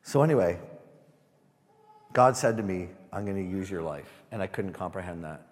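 Low-voiced man preaching in a hall. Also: expressive. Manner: halting, repeats words, asks the room "Amen?". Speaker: speaker sharing testimony. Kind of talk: sermon testimony.

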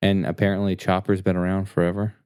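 A man co-hosting a podcast, chatting in a relaxed, halting way. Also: low voice, clean tone, no room sound, studio quality. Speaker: podcast co-host. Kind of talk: casual chat.

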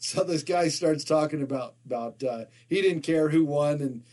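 A man's voice: on the high side, normal speed, a little mellow. A man from Utah co-hosting a podcast in casual chat, joking, laughing often and stammering through restarts. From Utah, USA. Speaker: podcast co-host.

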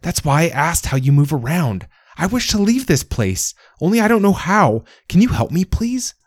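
Storybook figure: a high, eager little basil plant, pleading and apologetic, as a male narrator puts him on. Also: big pitch swings, a little slow, darkish tone, no echo, studio quality.

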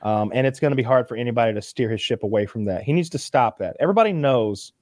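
A man's voice: mid-range voice, lively intonation, quick pace, darkish tone, dry recording, clean studio sound. A man in casual political chat, emphatic and opinionated.

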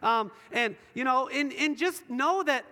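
A man's voice: very high-pitched, lively intonation, unhurried, sharp tone. A man preaching a conversational sermon in a church, often checking in with the congregation for agreement. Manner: chatty, asks the room for assent. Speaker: pastor. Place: church hall. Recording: long hall reverb.

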